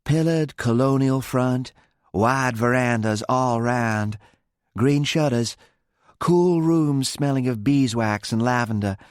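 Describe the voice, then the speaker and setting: A man's voice: medium pitch, takes it slowly, smooth, dry recording, clean studio sound, voice pushed up, lightly acted. A man voicing a genteel middle-aged woman with a Southern American accent and a lilting drawl.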